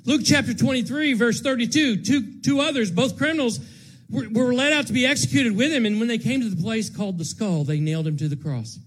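A man preaching an Easter sermon to his congregation, moving from hushed tones to shouts and repeating his words for emphasis. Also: very high voice, brisk. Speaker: pastor. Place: church sanctuary with congregation.

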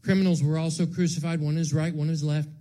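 Male pastor preaching, pretty high voice, goes from hushed to shouting, repeats himself a lot. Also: level tone, fast. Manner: impassioned, swings from hushed to shouting, repeats words. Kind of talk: Easter sermon. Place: church sanctuary with congregation.

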